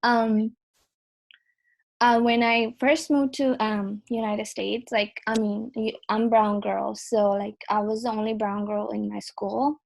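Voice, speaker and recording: A young woman speaks over a video call in a flat, gravelly voice. She sounds sleepy and half awake. She talks hesitantly, with plenty of "like" and "um". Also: a little high, slow. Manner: hesitant, many fillers. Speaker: participant. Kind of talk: casual video call chat.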